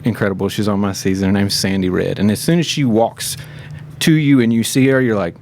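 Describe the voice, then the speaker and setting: Fast-talking man telling stories. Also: lowish voice, a little hiss or hum. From Tennessee, USA. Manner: rapid, animated, full of fillers and chuckles. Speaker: guest. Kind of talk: casual storytelling in a podcast interview. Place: studio.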